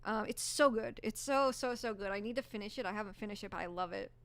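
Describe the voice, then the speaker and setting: A young woman chats casually on a live stream, rambling from one thought to the next with plenty of fillers. Her voice has gone a little hoarse, yet it stays smooth and clear at an average pitch. She gushes with bubbly enthusiasm. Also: fast, fairly bright tone, no room sound.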